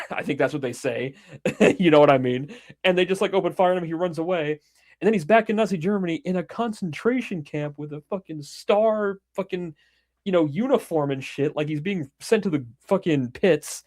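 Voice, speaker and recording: A man's voice: a little high, normal speed. A man co-hosting a casual podcast, retelling a film scene by scene with lots of swearing and little acted-out bits. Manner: animated storyteller, swears freely, acts out scenes. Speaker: podcast co-host.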